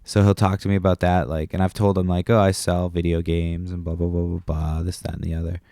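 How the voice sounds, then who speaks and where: Young guy podcasting solo, deep gravelly voice, rambly and sweary, dry close sound. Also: little pitch movement, a little fast, mellow, no echo. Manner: rambling, profane, lots of likes and restarts. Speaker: podcast host.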